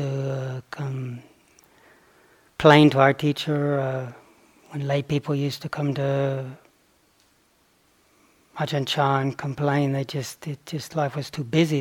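A man giving a dharma talk on retreat as a meditation teacher, reflective and unhurried, with playful asides. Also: medium pitch, little pitch movement.

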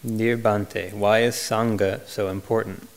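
Monk, male, low flat voice, unhurried retreat Q&A answers, reflective and hesitant. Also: gravelly. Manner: gentle, reflective, many fillers and restarts. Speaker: Buddhist monk answering questions. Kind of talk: retreat Q&A talk.

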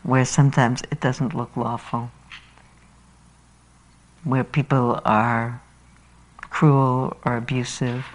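A woman meditation teacher giving a dharma talk, reading a children's story aloud in an unhurried, expressive way. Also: very deep voice, poor audio.

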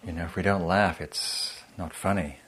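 A man's voice: low voice, steady tone, normal speed, heavy background noise. A man giving a meditation teaching in a humorous, conversational, self-deprecating way. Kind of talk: dharma talk.

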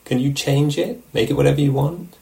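A man teaching meditation in a relaxed, conversational dharma talk, often checking in with his listeners. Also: medium pitch, a little fast, creaky.

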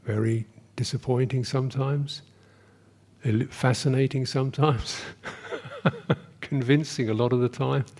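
Male meditation teacher, gravelly low voice, slow and halting, pauses between phrases. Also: steady tone. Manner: drops to a soft whisper on repeated phrases. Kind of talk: meditation retreat dharma talk.

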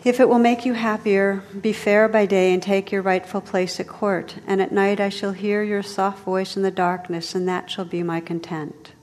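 A woman's voice: medium pitch, little pitch movement, moderate pace, few pauses, a little mellow, natural voice. A woman reading a devoted young knight. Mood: humble. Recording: long hall reverb.

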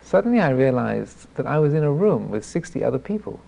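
A man, a Buddhist monk teacher, giving a dharma talk as self-deprecating storytelling, halting with many restarts. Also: mid-range voice, sing-song, creaky, dark tone.

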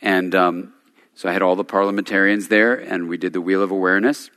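A man's voice: low voice, fairly even intonation, fairly quick, a bit bright, clear, resonant tone. A man teaching at a day retreat, talking informally and telling stories with chuckling asides. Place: meditation center hall. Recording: long hall reverb.

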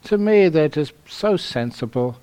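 A man's voice: on the high side, lively intonation, a little slow, warm tone, clean tone. A Buddhist monk from London giving a humorous dharma talk at a meditation retreat, telling stories and laughing at his own jokes. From London, England.

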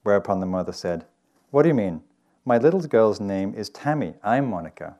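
Man, from England, meditation teacher, gentle conversational talk, slightly low pitch. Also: very animated, a little fast, heavy background noise. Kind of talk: dharma talk. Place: meditation hall with audience.

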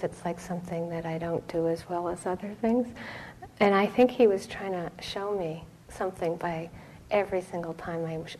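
A middle-aged woman meditation teacher giving a relaxed, conversational dharma talk. She speaks gently, drops into soft whispered asides and laughs often. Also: lowish voice, slight background noise, rough recording.

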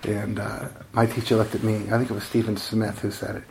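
A man giving a dharma talk as a meditation teacher, in a relaxed, conversational, self-deprecating way with frequent chuckles. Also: on the low side, fairly quick, vocal fry, slight background noise.

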